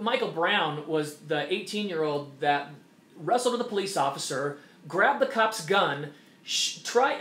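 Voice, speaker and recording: In an echoey room, a high-pitched, slightly bright male host gives an opinion monologue. He hammers and repeats his points emphatically and mocks quoted voices.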